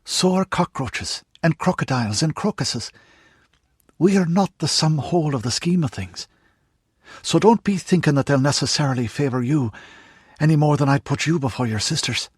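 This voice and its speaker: A man voicing a wise, gentle but firm mother and priestess, speaking tenderly in an audiobook. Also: fairly high pitch, expressive, moderate pace, breathy edge, no room sound, studio quality, voice pushed up. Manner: soft, tender, knowing.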